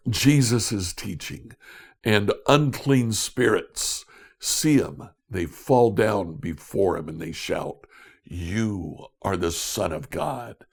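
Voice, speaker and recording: A man teaching a Bible study in a deliberate way, repeating key questions for emphasis. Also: lowish voice, vocal fry. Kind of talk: scripture teaching talk.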